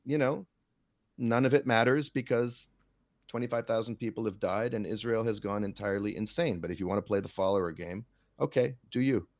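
A man in his forties with a low-pitched voice talks through a casual podcast chat. He is articulate and riffs on his points with sardonic asides. The sound is very dry and close, with no room around it. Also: a little fast, darkish tone, dry recording. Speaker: podcast guest.

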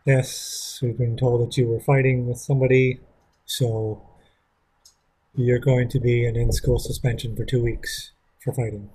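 A man's voice: mid-range voice, flat delivery, unhurried, mellow, breathy edge, poor audio. A man voicing a curt male school principal who hands out a suspension. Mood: dismissive.

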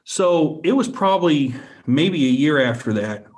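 A man's voice: a little high, lively intonation, measured pace. A man telling a personal story as a guest, earnest and repetitive, often checking in with the listener.

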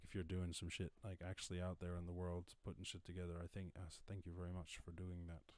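A man's voice: deep voice, dry recording. A man hosting his own live stream from home, freestyling loose, profane, rambling rhymes and then signing off in a casual, self-mocking way. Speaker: podcast host. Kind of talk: freestyle rap over a beat, then casual sign-off. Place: home during lockdown. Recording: loud music bed behind the voice. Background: loud instrumental beat.

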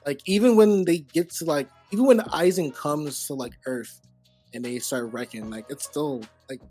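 A man's voice: fairly high pitch, moderate pace, dark tone, breathy edge, faint music behind. A man in casual chat, blunt and profane, talking over his friends.

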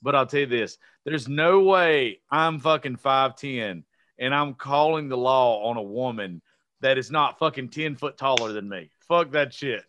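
A man's voice: medium pitch, unhurried, a bit bright. A man hosting a podcast, reacting to his guest with crude, joking banter. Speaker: podcast host. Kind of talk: casual chat.

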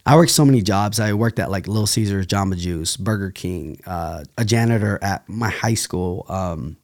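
Young guy from cali, lowish voice, rambly storytelling, lots of laughs. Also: normal speed. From California. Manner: loose, rambling, laughs often, restarts. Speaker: podcast guest, dancer. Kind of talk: casual storytelling interview.

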